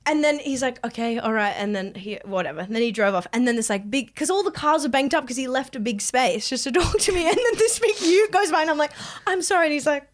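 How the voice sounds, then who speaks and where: A young woman, an animated podcast co-host telling a story in casual chat. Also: sits high, fast, few pauses. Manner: animated, expressive, swears freely.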